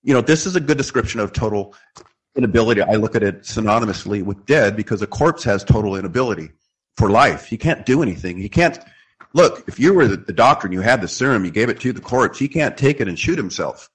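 Guy with a lowish voice walking through bible verses, earnest and explainy. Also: animated, fast, breathy edge. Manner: earnest, explanatory, quotes scripture. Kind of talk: theological discussion.

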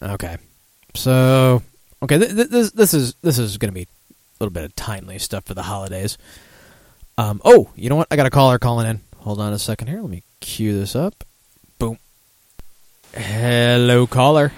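A man's voice: mid-range voice, sing-song, moderate pace, long pauses, darkish tone, no echo. A man hosting a casual one-man talk show, rambling and swearing, laughing at his own remarks. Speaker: radio show host.

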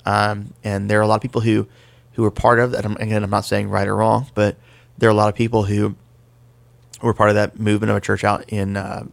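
A man's voice: fairly low pitch, level tone, quick pace, gravelly, dry recording. A man co-hosting a casual podcast discussion about faith, explaining things conversationally with the odd self-deprecating joke. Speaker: podcast co-host.

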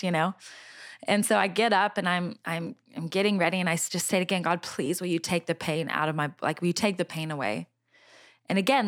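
A middle-aged woman telling a personal faith story in conversation, earnest and animated, with many fillers and restarts. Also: fairly low pitch. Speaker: Christian singer sharing a testimony.

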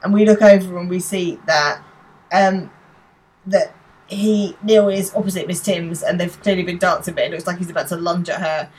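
A woman with a slightly low voice recaps an episode for her podcast, taking turns with her co-host. She narrates the scenes in an easy, conversational way. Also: fairly even intonation, moderate pace, a little mellow, far from the mic, rough recording. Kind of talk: casual chat recapping a TV episode.

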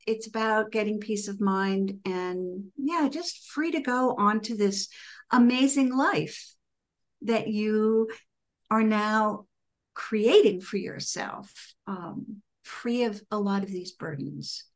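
A middle-aged woman, a composer, telling personal stories in an interview and acting out her own past words with lively emphasis. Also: medium pitch, slow pace. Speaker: composer and author, guest. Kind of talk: conversational interview storytelling.

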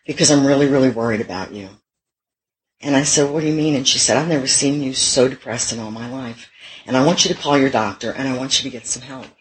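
A woman's voice: very deep voice, low-quality recording. A middle-aged woman telling her own recovery story to a meeting, candid and self-mocking, with wry humor. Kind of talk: personal recovery talk.

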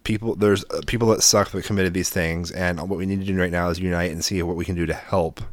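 A man's voice: low voice, fairly even intonation, fast talker, dry recording. A man co-hosting a podcast, telling stories animatedly, swearing freely and acting out the people he quotes. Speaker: podcast co-host. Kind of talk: casual podcast chat.

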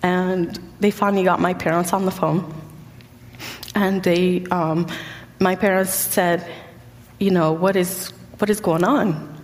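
A woman's voice: lowish voice, fairly even intonation. Earnest woman in a reverberant hall. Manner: earnest, halting with frequent fillers. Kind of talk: personal testimony.

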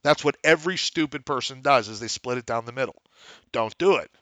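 A man's voice: mid-range voice, brisk, no room sound. A man hosting a podcast, teaching negotiation in a blunt, emphatic way and acting out bits of dialogue. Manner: lively, acts out dialogues in different voices. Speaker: podcast host teaching real estate investing. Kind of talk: instructional podcast talk.

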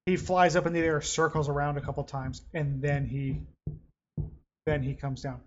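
A man with a fairly high voice co-hosts a gaming podcast at a normal pace, chatting casually, rambling, getting excitable and swearing some. The audio is dull with a slight hiss or hum.

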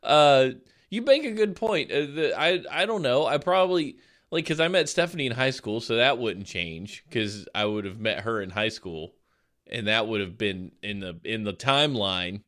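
Animated young man, laughing podcast host. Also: mid-range voice, normal speed. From Florida. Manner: animated, laughs often, acts out quotes. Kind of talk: casual podcast chat.

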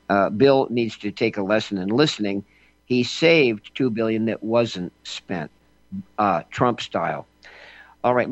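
A man's voice: lowish voice, no room sound, highs cut off. A man hosting a political radio talk show, emphatic with folksy asides.

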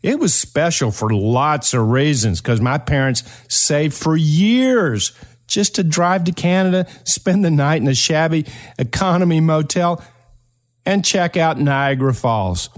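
An older man from eastern Kentucky, hosting his own podcast and telling a personal story in an earnest, motivational way with slow, emphatic phrases. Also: a little high. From eastern Kentucky, Appalachia. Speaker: podcast host.

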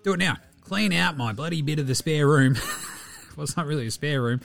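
Aussie bloke, a bit high voiced, swearing and laughing thru a podcast rant, faint music under it. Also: male voice, brisk, vocal fry. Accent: Australian. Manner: brash, swears freely, slangy, laughs often. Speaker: podcast host. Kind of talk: casual sports commentary.

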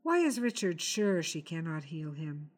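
A woman's voice: deep voice, sing-song, a little slow, pitched below the performer's own voice. A woman reading aloud, voicing a resolute young heroine who questions a captive firmly and threateningly. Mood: cold. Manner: firm, threatening.

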